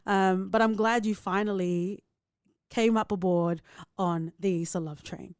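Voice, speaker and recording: A woman co-hosting a podcast in casual chat, joking in a playful, crude and animated way. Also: mid-range voice, measured pace, clear, resonant tone, dry recording, studio quality. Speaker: podcast co-host.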